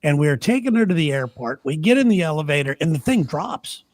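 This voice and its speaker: A man's voice: fairly high pitch, sing-song, fast, no echo, clean studio sound. A man telling a rambling, laughing story in casual chat on a podcast. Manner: rambling, laughing anecdotes with restarts. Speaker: podcast host.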